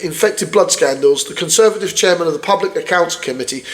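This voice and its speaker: Fast-talking and fairly high-pitched, this podcast co-host from the United Kingdom reads out news stories in a casual political chat. He rants angrily, with plenty of swearing.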